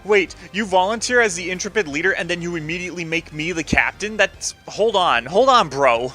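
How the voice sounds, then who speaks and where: A man's voice: high-pitched, animated, a little fast, sharp tone, faint music behind. Young man joking through a game. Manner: joking, rambling, lots of "like". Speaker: let's play host. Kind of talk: casual game commentary.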